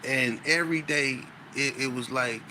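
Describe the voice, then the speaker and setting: A podcast guest with a medium-pitched voice tells a story animatedly at a normal speed in casual conversation, often saying "you know what I'm saying." There's a little hiss or hum in the recording.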